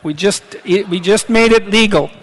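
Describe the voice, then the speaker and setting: High, gravelly man in a big hall. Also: a bit bright. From Canada. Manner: halting, restarts often, laughs easily. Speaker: lecturer answering audience questions. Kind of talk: live on-stage Q&A. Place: large lecture hall. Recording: reverberant hall on stage.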